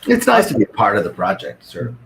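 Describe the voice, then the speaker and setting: A man's voice: lowish voice, fast talker, slight background noise, low-quality recording. A man who is a guest actor, chatting casually on a video call and telling self-deprecating stories with lots of energy. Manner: animated, self-deprecating storytelling. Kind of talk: casual chat.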